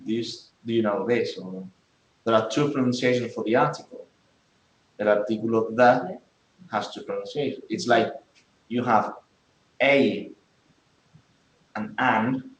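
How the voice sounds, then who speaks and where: Slow, low-voiced male teacher in an echoey room. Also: steady tone. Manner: explains slowly, step by step, with many okays. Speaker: English teacher. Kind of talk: classroom lesson. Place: classroom.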